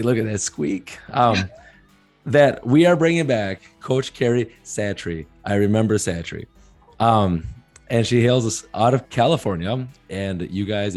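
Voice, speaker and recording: A man hosting a podcast interview, talking in a chatty, joking, eager way with a hoarse, rough voice. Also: lowish voice, normal speed, darkish tone, faint music behind. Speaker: podcast host.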